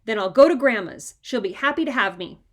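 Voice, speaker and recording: A woman voicing a fed-up older brother in a storybook reading, yelling and indignant. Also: on the high side, expressive, normal speed. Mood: defiant. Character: angry, fed-up older boy.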